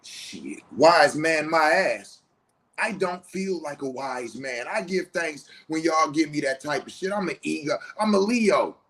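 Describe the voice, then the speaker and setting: A middle-aged man with a notably high voice pours out a raw confessional monologue. He talks bluntly and swears often. He swings between loud outbursts and low, muttered asides. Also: animated, measured pace. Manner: profane, heated and blunt. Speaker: host.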